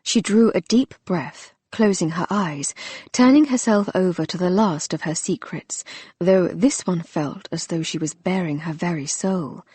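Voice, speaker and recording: A woman reads a romance audiobook in a low, husky voice. Her narration is soft, intimate and measured, recorded dry and close with no room at all. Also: no room sound. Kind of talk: scripted narration.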